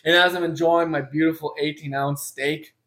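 A man's voice: on the high side, steady tone, normal speed, fairly bright tone. A young adult man preaching a sermon in a conversational way, with self-deprecating humor. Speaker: pastor.

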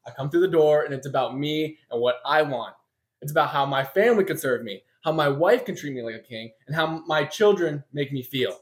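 A man's voice: fairly high pitch, a little fast. A young adult man preaching a sermon in a conversational way, with self-deprecating humor. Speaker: pastor.

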